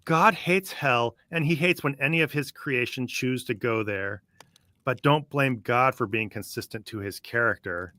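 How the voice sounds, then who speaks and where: A man with a bright, forceful voice hosts a casual podcast, skeptical and dry as he thinks aloud. The sound is close and dry with no room around it. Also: medium pitch, moderate pace, no room sound. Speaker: podcast host. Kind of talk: casual podcast commentary, reading from a book.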